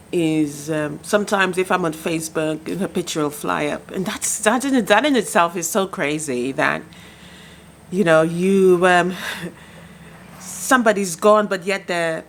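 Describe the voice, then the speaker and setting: A middle-aged woman sharing a personal story in a vlog, speaking softly and haltingly, with many restarts. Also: fairly low pitch, a little hiss or hum. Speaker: quilting vlogger. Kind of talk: personal vlog talk to camera.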